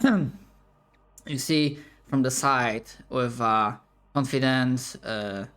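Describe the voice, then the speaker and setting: Slow, halting male game master. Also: mid-range voice, fairly bright tone, clear, resonant tone. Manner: slow, halting, with many fillers. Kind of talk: narrating a tabletop game.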